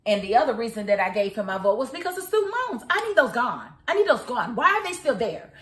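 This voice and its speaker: A woman's voice: fairly high pitch, sing-song, quick pace, a bit bright. An American woman giving outspoken, opinionated news commentary, full of rhetorical questions. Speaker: vlogger and commentator. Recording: roomy echo.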